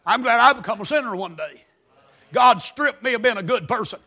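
A man from North Carolina with a Southern accent, preaching a sermon in a folksy storytelling way that breaks into shouting. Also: extremely high pitch, lively intonation, a little fast.

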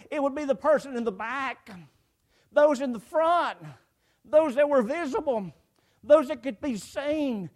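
A man preaching a sermon to a congregation, emphatic, with repeated phrases and swelling cries. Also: very high voice. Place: church before a congregation.

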